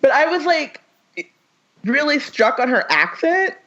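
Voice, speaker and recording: A woman's voice: high voice, very animated, unhurried, a bit bright. A woman chatting as a podcast guest, rambling and filling her talk with "like". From United States. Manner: rambling, lots of "like", laughs often. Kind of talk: casual chat. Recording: muffled lo-fi audio.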